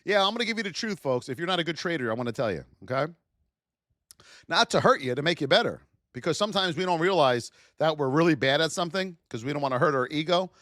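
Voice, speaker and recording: A man with a high, animated voice hosts a live trading stream, swinging freely up and down as he talks. He is blunt and chatty, trading stories and speaking straight to his viewers. The sound is close and dry, with no room around it. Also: quick pace, no room sound.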